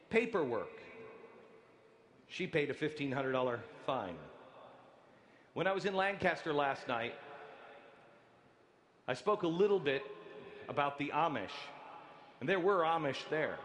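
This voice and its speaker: Man doing a sarcastic convention speech, high voice, all over the place, slow, faint murmur behind. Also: a little hiss or hum. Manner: sarcastic, incredulous, builds to shouting. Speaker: speaker at a convention.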